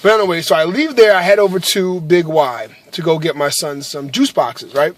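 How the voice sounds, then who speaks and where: A man's voice: fairly high pitch, moderate pace, dry recording. A man telling a personal faith story to camera in earnest, casual chat, full of fillers and tag questions. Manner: earnest, with many fillers and repeated "right?". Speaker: vlogger sharing a faith story.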